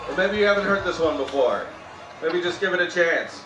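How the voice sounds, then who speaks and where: A Canadian man performing a live stand-up set, telling animated stories about his wife and jumping into sudden high-pitched shouts when he mimics her. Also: fairly quick. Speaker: stand-up comedian. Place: outdoor festival comedy tent. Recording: roomy live sound from a distance. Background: audience laughter and faint music.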